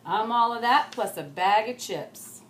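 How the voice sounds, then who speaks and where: A woman voicing a loud, proud little girl, shouting and dramatic in a storybook reading. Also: sits high, big pitch swings, a little slow, a little hiss or hum, pitched above the performer's own voice. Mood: shouting sassy. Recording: roomy echo.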